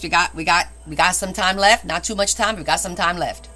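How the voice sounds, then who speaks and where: On a live online auction selling scrapbooks, a cheerful woman calls out bids and laughs in between. Her fairly low voice is crisp and bright, and her chatty, friendly talk moves briskly over faint background music, captured on a phone.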